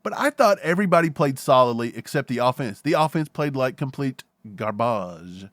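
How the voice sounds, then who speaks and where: A man co-hosting a casual sports talk show, ranting with jokes and animated outbursts. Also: medium pitch, normal speed, no room sound, clean studio sound. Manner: animated, joking rants. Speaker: podcast co-host.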